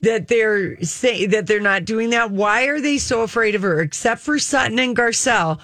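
A woman co-hosting a casual chat, gossiping in a blunt, animated way. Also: on the high side, moderate pace, no echo, clean studio sound. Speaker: podcast co-host.

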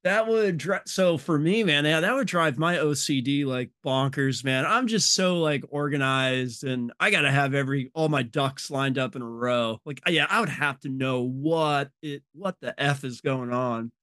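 A man's voice: medium pitch, moderate pace, hardly any pauses, pushed and bright, no echo, studio quality. A man in his forties, a podcast guest, chatting in a laid-back way and often saying man and dude. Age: 40s. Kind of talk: casual chat.

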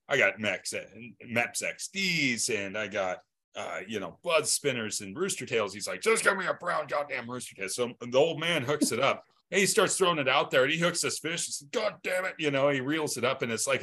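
A man's voice: medium pitch, animated, fairly quick, sharp tone. A man co-hosting a podcast, telling anecdotes with a laugh and acting out what others said. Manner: laughing, storytelling, acts out quotes. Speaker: podcast co-host. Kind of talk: casual chat.

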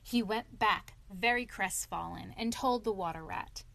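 A woman reading a classic children's story aloud in an expressive way, now and then stumbling over a word. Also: medium pitch, measured pace, gravelly. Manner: expressive reading with occasional slips.

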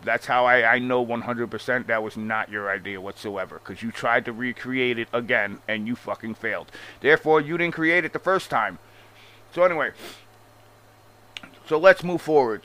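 A man's voice: mid-range voice, fairly bright tone, poor audio. Male podcast host, casual profane rant, sarcastic asides, loose rambling delivery. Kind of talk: casual rant about wrestling.

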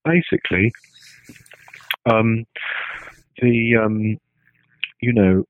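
A man's voice: on the low side, steady tone, extremely slow. A man in casual, hesitant talk who restarts his phrases and keeps checking in with "right?". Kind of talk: casual spoken musing. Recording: tinny phone-like line, dry.

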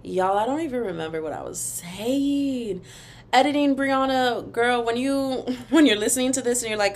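With a slightly high voice, a moderate pace, and a faint hiss or hum in the audio, a young podcast host rants animatedly to her listeners. She sings little snippets and calls everyone "girl" and "y'all."

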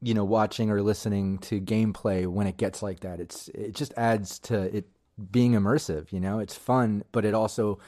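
Enthusiastic low-voiced man co-host. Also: fairly even intonation, moderate pace, darkish tone. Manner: enthusiastic, rambling with fillers. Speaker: podcast co-host and game master. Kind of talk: casual chat.

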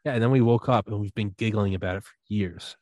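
Animated man riffing loosely, low voice. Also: fast talker, no echo. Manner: animated storytelling, acts out voices, swears freely. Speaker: podcast host. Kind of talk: casual podcast chat.

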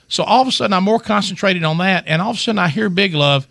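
Bright-voiced storyteller man. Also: high-pitched, fast talker, creaky, no room sound. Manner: animated storyteller, many restarts. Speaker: radio show host. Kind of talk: storytelling casual chat.

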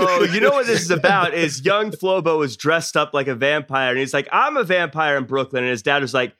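A man's voice: a little high, fairly quick, pushed and bright, no echo. A man co-hosting a podcast in casual comedic chat, making wry, playful jokes. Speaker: podcast co-host.

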